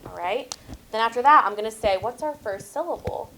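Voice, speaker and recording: A woman teaches spelling to a small group in a classroom. She stretches words out slowly and thinks aloud as she works, with encouraging praise. There is a faint hiss and some clicking behind her voice. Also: a little high, lively intonation, a bit bright, rough recording. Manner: slow, drawn-out modeling of words and sounds.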